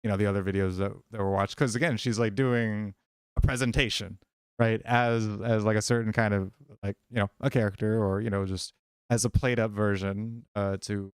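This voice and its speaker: A man co-hosting a casual commentary chat, talking in a rambling, halting, profane way. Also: lowish voice, fairly even intonation, clean tone, no room sound, clean studio sound.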